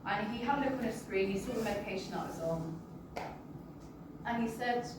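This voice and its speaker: A British woman shares her personal testimony with an audience, speaking in an animated, medium-pitched voice that is halting and emotional, and she often apologizes. She's recorded from a distance in a very reverberant room, with a constant hum underneath her speech.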